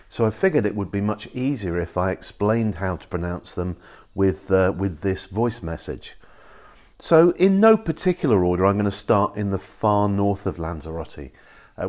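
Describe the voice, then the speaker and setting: A man hosting an island information site, recording a casual voice message that explains pronunciation, chatty and explanatory with frequent ums and restarts. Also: on the low side.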